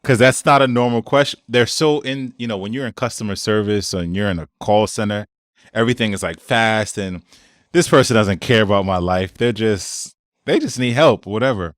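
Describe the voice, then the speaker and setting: A man's voice: lowish voice, normal speed, no echo, clean studio sound. A man as a podcast guest, telling stories in casual conversation, acting out quotes and laughing often. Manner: animated storyteller, acts out quotes, laughs often.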